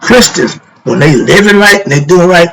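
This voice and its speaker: A man's voice: sits high, lively intonation, moderate pace, gravelly, a bit bright, slight background noise, rough recording. Emphatic man teaching with rhetorical questions. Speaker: spiritual teacher. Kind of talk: informal spiritual lesson.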